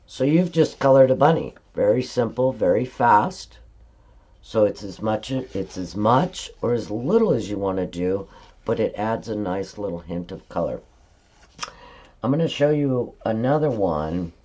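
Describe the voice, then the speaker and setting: Low, mellow woman teaching a craft live. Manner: chatty step-by-step instruction, frequent "okay?" check-ins. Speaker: card-making demonstrator. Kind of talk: live-stream craft tutorial.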